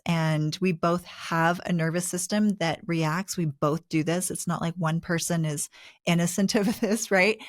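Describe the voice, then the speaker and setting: A woman co-hosting a relationship advice talk, explaining ideas in a measured, teacherly way. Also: on the low side, dry recording, clean studio sound. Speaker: podcast co-host.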